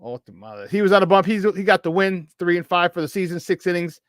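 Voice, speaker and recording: A man hosting a morning sports talk show, hyped and shouting out listeners by name. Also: high voice, lively intonation, fast talker, clean tone, dry recording, studio quality. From Chicago area. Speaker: sports radio host.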